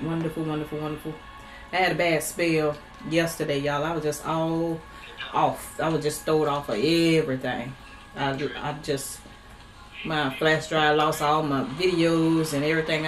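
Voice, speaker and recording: Lowish woman's voice, eating vlog, chatting and mm-ing between bites, laptop mic, kinda echoey room. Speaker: vlogger. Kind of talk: casual eating vlog chat. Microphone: laptop built-in mic. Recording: roomy laptop recording with faint background noise.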